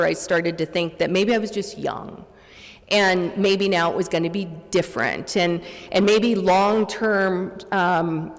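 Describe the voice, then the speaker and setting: A middle-aged woman telling her personal recovery story to an audience, earnest and full of restarts and quoted dialogue. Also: mid-range voice. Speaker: speaker at a recovery meeting. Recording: long reverb of a large hall.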